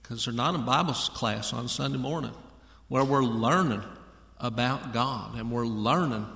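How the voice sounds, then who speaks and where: A man's voice: medium pitch, measured pace, vocal fry, sharp tone. A man preaching a folksy sermon and talking straight to his congregation. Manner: folksy, addresses congregation directly. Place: church auditorium. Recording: echoey hall with long reverb.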